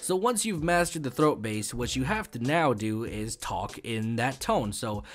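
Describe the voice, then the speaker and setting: A young man in his twenties runs a casual tutorial on his gaming channel. He rambles, swears freely and stumbles over his words, packing his talk with fillers. His voice sits at an average pitch. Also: animated, unhurried, faint music behind. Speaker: YouTube gaming host.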